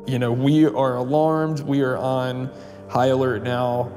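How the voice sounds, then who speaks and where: A man's voice: medium pitch, level tone, a little slow, dark tone. A man telling a personal story in a casual, rambling way, full of fillers and restarts. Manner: rambling, full of "like" and "you know". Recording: long reverb, faint music.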